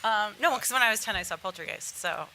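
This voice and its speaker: A woman's voice: medium pitch, fast talker. A woman, an actress, answering interview questions candidly and lightly. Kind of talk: press junket interview. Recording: crowd chatter behind.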